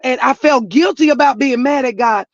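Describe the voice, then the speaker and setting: Woman, middle-aged, very high voice, earnest, churchy, emphatic, dull muffled sound. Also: moderate pace, no echo. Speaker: guest, grieving mother. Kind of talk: emotional personal testimony.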